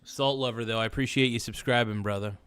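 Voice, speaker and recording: A man's voice: mid-range voice, steady tone, fast talker, fairly bright tone, clean tone. A man hosting a casual livestream, rambling and joking with viewers in chat. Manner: rambling, jokey, chants silly phrases. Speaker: livestream host.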